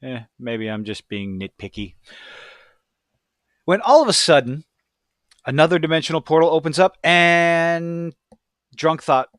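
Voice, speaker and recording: A man's voice: on the high side, expressive, a little slow, long pauses, a bit bright, dry recording, clean studio sound. A man talking casually as he reviews a show, blunt and rambling, with self-deprecating asides.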